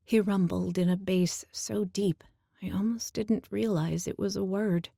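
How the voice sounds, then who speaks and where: A woman narrating a first-person fantasy audiobook in a slow, emotional storytelling manner on a close studio mic. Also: medium pitch, fairly even intonation, vocal fry, dark tone, no echo.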